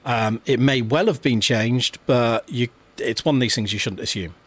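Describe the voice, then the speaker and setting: A man's voice: medium pitch, moderate pace, a bit bright, breathy edge. A man co-hosting a podcast, talking casually with many fillers and restarts. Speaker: podcast co-host. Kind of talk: casual chat.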